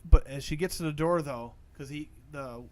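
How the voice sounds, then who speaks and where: A man's voice: a little high, normal speed, a little mellow. A man co-hosting a horror movie podcast, recapping the film in casual, rambling talk with frequent "like" and casual swearing. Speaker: podcast co-host. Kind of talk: casual movie review chat.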